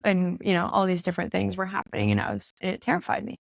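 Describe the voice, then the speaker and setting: A young woman in her twenties talks as a podcast guest, with a gravelly, creaky edge to her voice. She tells her story in a loose, chatty way, peppered with "like" and acting out her own quotes. The sound is close and dry, with no room around it. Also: on the low side, big pitch swings, quick pace, no echo. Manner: chatty, full of "like" and reenacted quotes. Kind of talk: casual storytelling conversation. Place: in-person podcast studio.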